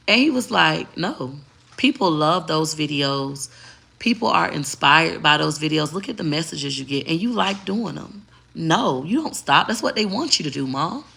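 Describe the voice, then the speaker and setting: A woman's voice: low voice, creaky, sharp tone. A middle-aged woman vlogging in brash, emphatic casual talk, repeating her points.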